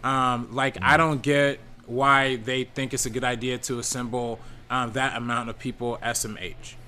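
A man's voice: medium pitch, flat delivery, moderate pace, sharp tone, a little hiss or hum. A man reading viewer donation messages on a casual live-stream panel show, with many ums and easy laughs.

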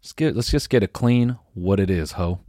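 Deep-voiced young guy needling his cohost. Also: animated, normal speed, mellow, no room sound, studio quality. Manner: goading, stammering restarts. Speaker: podcast co-host. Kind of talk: casual comedic banter.

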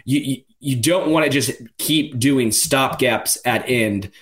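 A man with an average-pitched voice co-hosting a casual sports podcast. He argues his point quickly, often repeating words as he thinks. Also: fairly bright tone. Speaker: podcast co-host.

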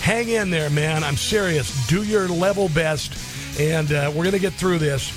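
A man's voice: fairly high pitch, normal speed, over music. Blunt indignant talk radio host, a man. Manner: blunt, indignant, many ums and uhs.

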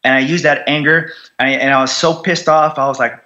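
The recording is muffled, but this war veteran's voice comes through a little high, steady, fast, bright and forceful. As a guest, he tells his recovery story in candid conversation, swearing nonstop and repeating himself for emphasis.

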